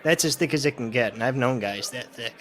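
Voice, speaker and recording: A man's voice: mid-range voice, brisk, a bit bright, slight background noise. Blunt Midwestern guy from Ohio. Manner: blunt, casual swearing, hedging fillers. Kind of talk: casual chat.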